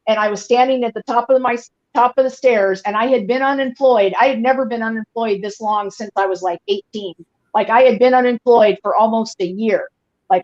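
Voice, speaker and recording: A woman in her forties, talking in a slightly high voice and rambling through a personal story with constant "like" and "you know". Her audio comes through dull and lo-fi, like a remote call. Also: a little mellow. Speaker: guest on a fan podcast. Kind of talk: casual chat, emotional storytelling.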